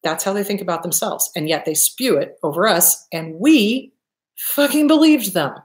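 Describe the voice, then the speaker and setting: A woman's voice: mid-range voice, lively intonation, moderate pace, echoey room. A woman host giving blunt, profane advice in a casual talk, repeating her points for emphasis.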